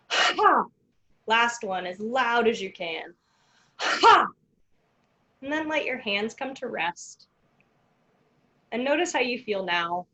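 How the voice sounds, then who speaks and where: Calm, slow-paced woman guiding breathing. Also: mid-range voice, low-quality recording. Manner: calm, slow counting with pauses. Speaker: breathing workshop instructor. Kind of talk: guided breathing instruction. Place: home, virtual workshop. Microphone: video call.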